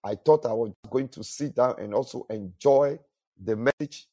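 A man's voice: medium pitch, normal speed, dark tone. A male pastor preaching a sermon, earnest, with repetitions and restarts.

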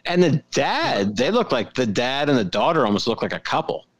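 A man talks casually as a podcast co-host, often hesitating and starting his sentences over. His pitch moves up and down a lot as he talks. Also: sing-song, moderate pace. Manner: chatty, hesitant restarts. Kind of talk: casual movie chat.

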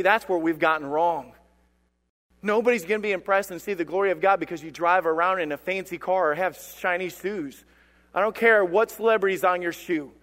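A man preaching a sermon as lead pastor, swinging between loud declarations and quiet, low asides. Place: church sanctuary. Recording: long hall reverb.

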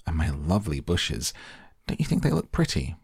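An eccentric, excitable chocolate maker, as a man reads him gushes in quick theatrical bursts. The voice sits low and husky beneath the showmanship, recorded close and dry for an audiobook. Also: dry recording, heavily acted. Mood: delighted. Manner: gushing, theatrical, quick enthusiastic patter. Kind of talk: audiobook character voice.

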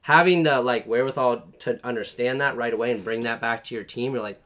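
A man's voice: mid-range voice, quick pace, hardly any pauses, fairly bright tone. Rambling man with lots of fillers. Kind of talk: casual chat.

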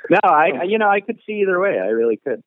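Midwestern man, actor guest phoning in; animated, self-mocking, halting; muffled call audio. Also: high voice, no echo. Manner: self-deprecating, laughs often, halting restarts. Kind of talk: podcast interview by phone.

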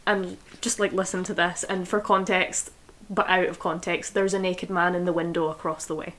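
A woman's voice: fairly low pitch, level tone, moderate pace, fairly bright tone, a little hiss or hum. A woman hosting a casual book chat, enthusiastic and chatty, who also reads passages aloud.

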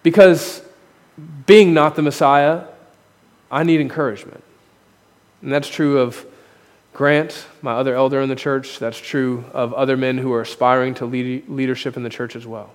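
A man's voice: mid-range voice, fairly even intonation, normal speed. A male pastor preaching a sermon at a podium microphone, candid and self-deprecating, his emphasis rising and falling. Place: church sanctuary. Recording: long hall reverb.

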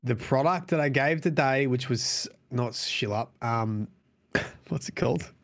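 A man's voice: mid-range voice, a little slow, fairly bright tone. A man co-hosting a casual chat. He rambles, swears freely and fills gaps with "um" and "like". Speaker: podcast co-host.

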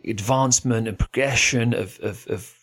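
Animated podcast co-host. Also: male voice, medium pitch, normal speed, breathy edge. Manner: animated storyteller, leans on comparisons. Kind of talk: casual chat.

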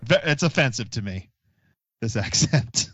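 A man's voice: mid-range voice, animated, a little slow, fairly bright tone, slightly rough, no echo. A man from New England with its accent, co-hosting a podcast in wry, joking casual chat. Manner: wry, joking, laughs through remarks. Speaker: podcast co-host. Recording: dry, dull lo-fi mic.

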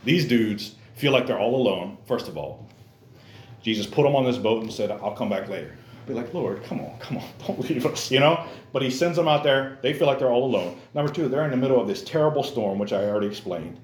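A man preaching a casual, animated sermon in church, acting out characters in exaggerated voices and using youthful slang. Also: medium pitch, a little fast, reverberant. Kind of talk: lively sermon.

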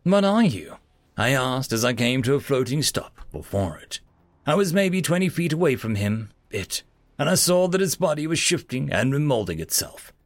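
A man narrating a story in the first person in an expressive, dramatic way. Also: mid-range voice, moderate pace, no echo. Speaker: audiobook narrator.

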